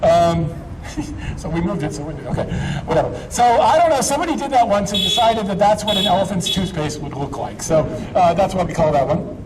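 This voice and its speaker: A man with a fairly high voice gives a chatty, filler-laden chemistry demonstration. The mic sits some distance from him, and a faint background hiss runs underneath. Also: expressive, fairly quick. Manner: chatty, explanatory, many fillers. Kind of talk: live science demonstration.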